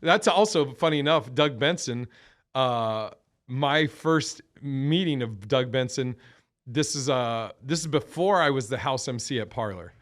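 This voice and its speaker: A male comedian in his thirties telling casual stories in a rambling, profane way. He often stops to correct himself and starts sentences over. His voice sits at an ordinary middle pitch for a man. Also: lively intonation, a little slow, a bit bright. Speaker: comedian guest. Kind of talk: casual storytelling.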